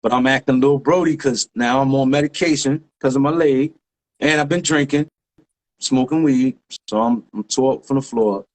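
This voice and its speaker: A man, a graffiti writer guest telling a story in lively street slang with sound effects. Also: medium pitch, moderate pace. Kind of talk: animated storytelling.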